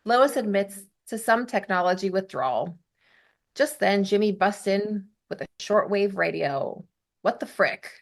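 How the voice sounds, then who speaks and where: A young adult woman hosts a casual podcast and recaps a TV episode. She talks in a chatty way with giggly side comments, and her voice sits at an ordinary middle pitch. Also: expressive, a little slow. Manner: chatty, giggly, narrates plot with asides. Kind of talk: casual chat.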